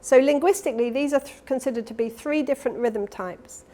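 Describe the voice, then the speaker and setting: Older woman, higher register, conference keynote; explanatory lecturer walking an audience through slides. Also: fairly quick, warm tone, a little hiss or hum. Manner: explanatory, talks through slides, demonstrates sounds. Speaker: professor giving a keynote lecture. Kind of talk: academic lecture. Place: conference hall.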